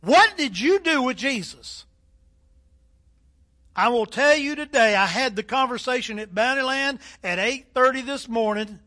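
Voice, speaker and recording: A man's voice: very high-pitched, sharp tone. An older man preaching a sermon as pastor, emphatic, with a delivery that rises and falls.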